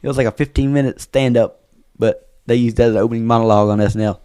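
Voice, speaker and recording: Fast-talking podcast guy. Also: mid-range voice, steady tone, crowd noise. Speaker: podcast co-host. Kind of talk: casual chat.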